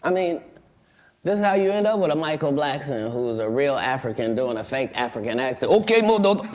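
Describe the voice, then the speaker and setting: A male comedian speaks as an interview guest. He is assertive and matter-of-fact, and he rambles from point to point at a middling pitch. His speech has the loose flow of conversation. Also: brisk, darkish tone.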